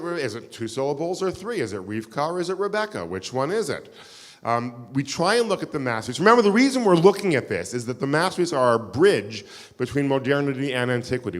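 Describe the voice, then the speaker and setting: A man giving a live keynote lecture to an audience, engaging and quizzing the room with wry asides. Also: mid-range voice. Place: synagogue hall with live audience. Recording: long hall reverb.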